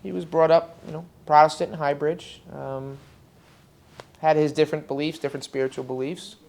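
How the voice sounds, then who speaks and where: A funeral director who also works as an emergency medical technician gives a eulogy at a memorial service in a funeral home. The speaker tells stories about the deceased in a loose, conversational way, often pausing and talking straight to the mourners. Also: mid-range voice, fairly even intonation, creaky, a little mellow. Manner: conversational storytelling, acts out dialogue with humor.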